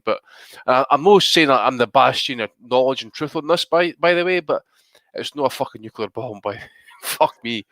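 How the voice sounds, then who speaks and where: A man's voice: mid-range voice, no echo. A British man on a casual boxing podcast, telling stories with heavy swearing. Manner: heavy swearing, animated storytelling. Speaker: podcast co-host.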